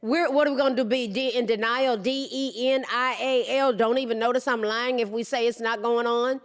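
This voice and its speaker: A woman's voice: fairly high pitch, fairly even intonation, moderate pace, clean tone. A middle-aged woman hosting a podcast, delivering an emphatic opinion monologue that repeats its points and keeps addressing the listeners as "guys". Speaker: podcast host.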